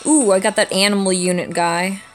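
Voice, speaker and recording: This is a young woman sounding congested and stuffy from a cold, chatting casually on her gaming channel. She explains how the game works in a relaxed, friendly way, at a mid-range pitch for a woman. Faint music plays quietly in the background. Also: a little fast. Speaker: YouTube gaming channel host. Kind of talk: casual gacha-game commentary.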